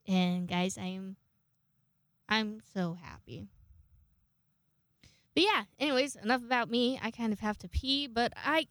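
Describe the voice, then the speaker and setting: A woman's voice: medium pitch, unhurried, pauses often, fairly bright tone, no room sound. A young woman hosting a casual show, telling rambling stories with lots of swearing and self-mockery. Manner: rambling, profane, self-mocking. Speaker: podcast host. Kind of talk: casual storytelling chat.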